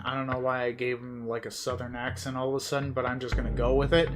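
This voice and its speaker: A man's voice: mid-range voice, little pitch movement, fast, hardly any pauses. A man streaming a game, making offhand, wry asides between lines of game dialogue, over game music. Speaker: gaming streamer. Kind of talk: casual game commentary.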